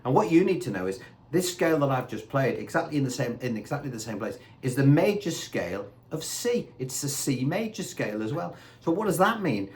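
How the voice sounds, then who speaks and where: A man's voice: mid-range voice, sing-song, fairly quick. Chatty man teaching guitar. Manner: chatty, asks rhetorical questions. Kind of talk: casual guitar lesson. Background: faint guitar and backing tracks.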